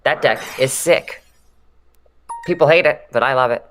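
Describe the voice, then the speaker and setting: A co-commentator calling a card game match in short, brisk play-by-play lines. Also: medium pitch, fairly bright tone, faint music behind. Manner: brisk, calls plays in short declarative lines.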